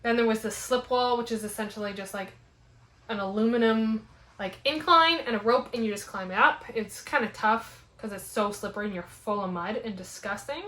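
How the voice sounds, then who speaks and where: Young woman vlogger, higher voice, rambling casual storytelling, echoey room. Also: a little fast. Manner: rambling, many "like" fillers, animated. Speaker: fitness vlogger. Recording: roomy echo.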